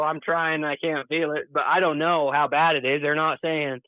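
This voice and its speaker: A man's voice: fairly high pitch, little pitch movement, moderate pace, few pauses, no room sound. A man guest in a casual interview, recounting a story in an earnest, plain-spoken way. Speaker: podcast guest. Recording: thin phone-like dry sound.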